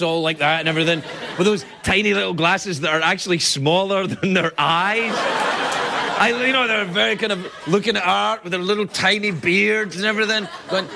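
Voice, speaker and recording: A man hosting a late-night talk show, delivering an animated, joking comedy monologue on a TV studio stage. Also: sits high, normal speed, vocal fry. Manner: animated, joking, jumps into silly voices. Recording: loud studio audience laughter and noise.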